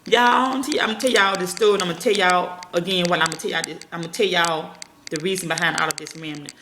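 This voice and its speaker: A woman's voice: fairly low pitch, fast, sharp tone, a little hiss or hum. Rambling, profane woman chatting to viewers. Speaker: parenting vlogger. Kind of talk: casual rambling chat to viewers. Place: small room at home. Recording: echoey room.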